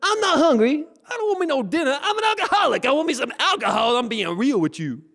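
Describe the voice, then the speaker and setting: A man voicing an old male ex-jazz musician who talks in a squeaky, drawling, frank way. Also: very animated, fast, a bit bright, long reverb tail, full character voice. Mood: blunt.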